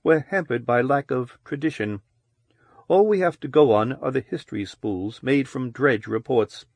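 A man voicing a mature, commanding woman who speaks calmly and in a hushed way in an audiobook reading. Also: mid-range voice, moderate pace, dry recording, close to an everyday voice. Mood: quiet, gentle. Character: mature commanding woman, calm and low-spoken.

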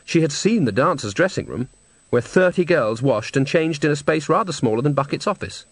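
A man reading a novel aloud with measured, wry storytelling. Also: mid-range voice, no room sound. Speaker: audiobook narrator. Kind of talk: scripted narration. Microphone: close studio mic.

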